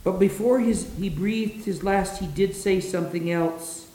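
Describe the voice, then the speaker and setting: Slow, dramatic male preacher in an echoey room. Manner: dramatic, drops low and soft for quoted words. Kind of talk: sermon. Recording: roomy echo.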